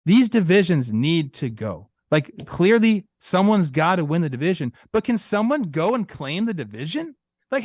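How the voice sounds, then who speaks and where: A young man co-hosting a casual sports talk show, animated and playful, acting out quotes in goofy voices. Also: sits high, normal speed, breathy edge, dry recording, studio quality. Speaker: podcast co-host.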